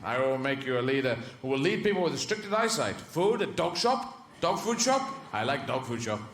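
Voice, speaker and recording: A man's voice: medium pitch, sing-song, normal speed, fairly bright tone, pitched below the performer's own voice. A man voicing a simple, eager male guide dog who asks short questions about food. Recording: echoey venue with ambient noise.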